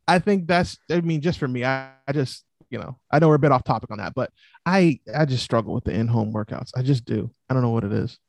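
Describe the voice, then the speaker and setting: A man speaking as a guest in a casual interview, explaining his investing plans in an animated, storytelling way. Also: mid-range voice, fast, vocal fry. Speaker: real estate investor guest.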